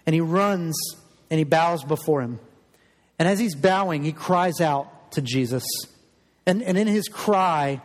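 Male pastor, earnest sermon, emphatic, higher-pitched voice, long echoing church reverb. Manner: earnest and emphatic, repeats words.

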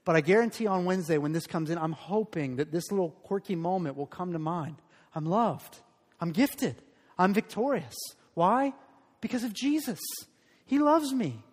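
Man, pastor, sermon, high-pitched, emphatic, call-and-response, long hall reverb. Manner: leads the congregation in call-and-response declarations; earnest, emphatic preaching with repeated phrases. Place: church sanctuary.

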